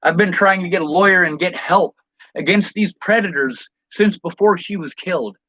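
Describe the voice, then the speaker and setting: A man's voice: sits high, normal speed, sharp tone, lo-fi sound. A man venting in a personal vlog rant, bitter and indignant, with frequent swearing.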